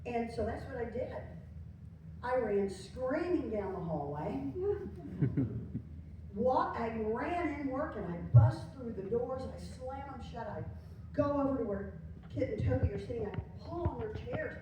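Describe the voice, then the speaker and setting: An older actress telling a punchy, playful anecdote on a festival panel. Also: female voice, on the high side, lively intonation, measured pace. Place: large convention hall panel room. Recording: echoey hall, distant mic, background noise.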